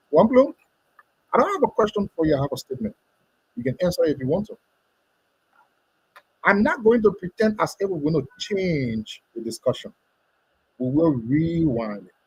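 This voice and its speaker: A man speaking as a talk show panelist, addressing the guest directly and deliberately. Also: a little high, darkish tone, husky, dry recording, lo-fi sound.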